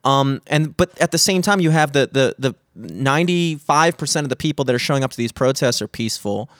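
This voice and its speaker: A young man in casual chat, telling a profane, animated story and mimicking the people in it. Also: mid-range voice, a little fast, no echo, clean studio sound.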